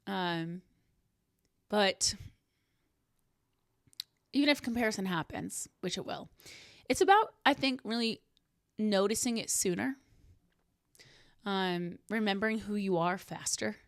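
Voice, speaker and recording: A woman's voice: medium pitch, dry recording. Brief: young woman, podcast host, earnest reflective solo talk, dry close sound. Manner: earnest, warm, self-reflective, laughs softly.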